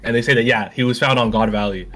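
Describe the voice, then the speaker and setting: A man co-hosting a podcast, talking in an excitable, slangy casual way. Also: mid-range voice, quick pace. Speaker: podcast co-host.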